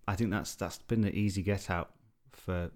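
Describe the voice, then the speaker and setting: A man's voice: sits low, steady tone, normal speed, darkish tone. A man co-hosting a casual podcast, wry and self-deprecating as he chats. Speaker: podcast co-host.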